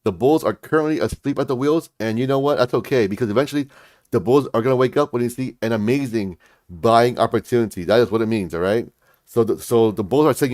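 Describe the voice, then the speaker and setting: Male livestream host, hyped and repetitive, mid-pitched, dry close sound. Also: fast talker, darkish tone, no room sound. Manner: pumped, repetitive, keeps saying "folks, all right?". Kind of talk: hyped market commentary livestream.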